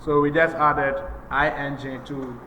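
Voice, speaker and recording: A man gives a grammar lesson at a deliberate, unhurried pace, going over each rule again and again. His voice is bright and a little high. The room is echoey with a long reverb tail, and faint noise sits behind him. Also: level tone, highs cut off. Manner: slow, methodical, repeats points for emphasis. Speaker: English teacher. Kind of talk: recorded grammar lecture.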